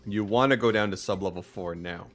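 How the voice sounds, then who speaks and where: A man's voice: on the low side, a little fast, a bit bright, faint music behind. A young man casually commenting while playing a game, chatty and laughing at his own lines. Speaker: lets-play commentator.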